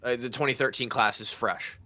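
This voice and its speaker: A man in his thirties tells a story on a casual podcast. His voice is bright and forward, and he talks in an animated way, slipping into the voices of the people in the story. His pitch sits in an ordinary middle range. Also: a little fast. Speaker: podcast host.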